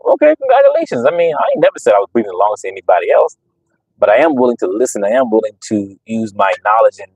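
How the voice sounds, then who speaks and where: A man's voice: lowish voice, a little mellow, no echo, low-quality recording. A man who breeds dogs, talking casually to viewers on his channel, emphatic and preachy, repeating himself with lots of fillers. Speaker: dog breeder and channel host. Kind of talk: casual livestream talk to viewers.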